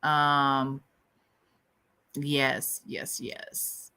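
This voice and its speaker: A woman from the US Midwest with a light Southern accent, hosting a casual livestream chat with viewers in a sassy, animated way and laughing often. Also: deep voice, extremely slow. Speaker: livestream host.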